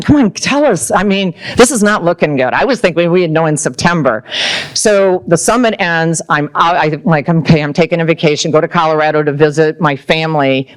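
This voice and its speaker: A woman giving a presentation talk to a club audience, energetic and excitable when she tells a story. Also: low voice. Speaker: speaker at a club luncheon.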